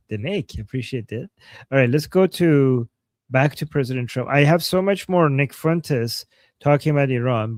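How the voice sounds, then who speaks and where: A man hosts a political livestream in a loose, chatty way, stopping to restart sentences and read out viewer comments. His voice sits somewhat high for a man. The mic is close and dry, with no room sound. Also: no room sound. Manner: chatty, reads super chats, many fillers and restarts. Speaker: livestream co-host.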